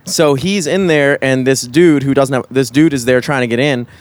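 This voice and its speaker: A young man co-hosting a podcast, telling a story in an excitable, laughing way, and he is high. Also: normal speed, dry recording. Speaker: podcast co-host. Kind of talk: casual podcast chat.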